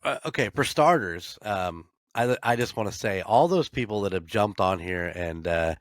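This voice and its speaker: Low-voiced blunt American man. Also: animated, moderate pace, no room sound, studio quality. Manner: laid-back, blunt and profane, with frequent fillers. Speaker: podcast co-host. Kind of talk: casual chat.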